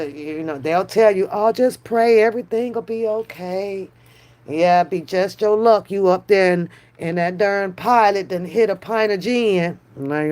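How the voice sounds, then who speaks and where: A woman hosting a live stream, chatting casually with viewers in a slow, drawn-out way, often brushing things off with a dismissive "mm-mm". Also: on the low side, a little mellow. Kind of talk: casual chat.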